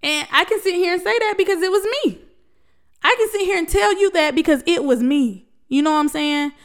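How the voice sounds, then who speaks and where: Woman, high pitch, heartfelt motivational talk, preachy, emotional, talks straight to viewers. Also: a little fast. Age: adult, past college. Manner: emotional, preachy, addresses listeners as baby and y'all. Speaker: vlogger.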